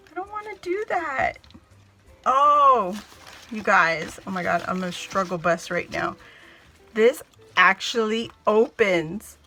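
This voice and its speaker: A woman's voice: medium pitch, sing-song, slow pace, bright, forceful tone, faint music behind. A woman gushing as she opens a crafty gift package, exclaiming and laughing breathlessly to her viewers. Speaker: craft vlogger opening happy mail. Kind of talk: excited unboxing chat to camera.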